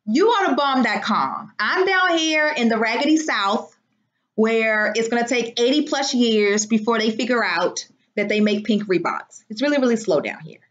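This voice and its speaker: A woman's voice: on the high side, expressive, normal speed, a bit bright. A woman from Washington, D.C., chatting casually and rambling on her livestream, using folksy slang. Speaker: livestream host. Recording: dull lo-fi sound.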